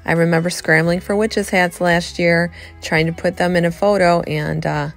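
A middle-aged woman chatting excitedly to viewers as she shops a thrift store, filming on a handheld phone. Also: lowish voice, normal speed, faint music behind. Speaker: vlogger. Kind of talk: casual thrift-store vlog chat.

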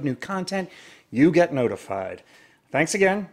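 A man's voice: on the high side, lively intonation, moderate pace. A man who writes science fiction, talking to camera on his own channel in a chatty, upbeat way and tossing in playful sound effects. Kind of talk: casual vlog monologue. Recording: roomy echo.

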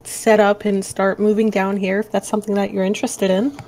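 A woman's voice: mid-range voice, little pitch movement, a little fast, darkish tone. A woman playing a tabletop role-playing game, chatty and playful. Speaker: player.

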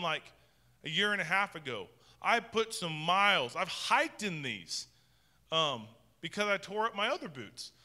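A man delivering a casual, conversational sermon in a church. His voice sits high and sounds piercingly bright, and he stumbles into frequent restarts. The sound carries a long reverberant tail from the hall. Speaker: pastor.

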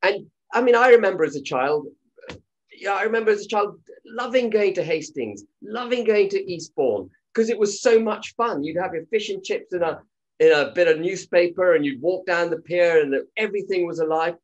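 A British panel guest builds a fluent, argumentative case on a political talk show. The voice is husky and a little breathy. The recording sounds dull and lo-fi. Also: medium pitch, lively intonation, normal speed. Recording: dull, lo-fi audio.

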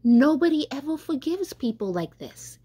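A woman's voice: medium pitch, expressive, slow, darkish tone, breathy edge. A woman voicing a proud young male tree, anxious and pleading as he wonders aloud in a storybook. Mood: agitated.

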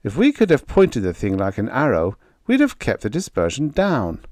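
A man's voice: mid-range voice, wildly swooping pitch, normal speed, darkish tone, dry recording, studio quality, voice pushed up. A man doing a wry, mock-formal station director. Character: wry male station director, dry and witty.

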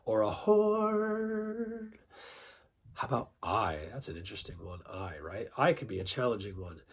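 A man teaching a playful vocal warm-up lesson as a music teacher, upbeat and jokey, breaking into little sung snippets. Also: sits low, lively intonation, quick pace, breathy edge.

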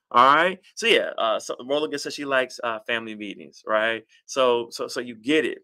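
Passionate, bright-voiced man hosting advice talk. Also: mid-range voice, moderate pace. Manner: passionate, animated preacher-like delivery. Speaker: relationship advice host. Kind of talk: livestream talk reading viewer comments.

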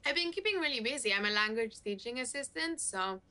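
A woman's voice: a little high, lively intonation, quick pace, sharp tone. An actress playing a playful young woman from Granada with a Spanish accent, teasing her video date. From Granada, Spain. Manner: teasing, playful, laughs often. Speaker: date in a video dating game.

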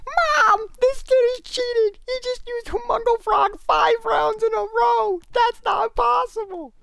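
A man voicing a whiny five-year-old boy who tattles to his mom with shrill, indignant complaints. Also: steady tone, unhurried, creaky, sharp tone, heavily acted.

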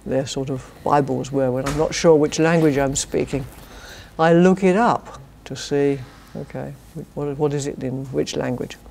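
An older woman with a British accent delivers an academic lecture, her voice gravelly with fry and mellow in tone. She talks with dry, wry humour and slips in chuckled asides. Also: deep voice, steady tone, unhurried, a little hiss or hum. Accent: British English. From Britain. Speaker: philosophy professor giving a lecture. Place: university lecture to a student society.

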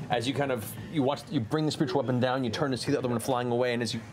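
A man's voice: medium pitch, fairly even intonation, fast talker, over music. Game-master man narrating vividly.

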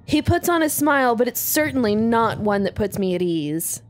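A woman's voice: fairly high pitch, sing-song, normal speed. A woman co-hosting a let's play, reading a visual novel aloud with dramatic expression.

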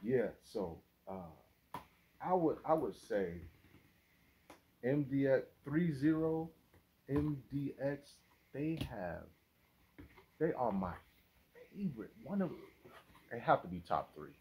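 A man's voice: mid-range voice, takes it slowly, long pauses, a little hiss or hum. A man hosting his toy collecting channel, talking in a chatty, slangy, casual vlog style. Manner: animated, chatty, slangy, laughs often. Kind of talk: casual unboxing vlog chat.

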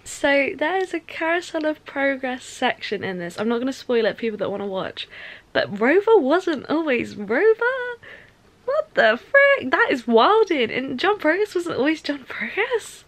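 A woman's voice: high voice, sing-song, moderate pace. A young woman vlogging casually from home in front of the TV, bubbly and gushing, with lots of "like" and "literally". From United Kingdom.

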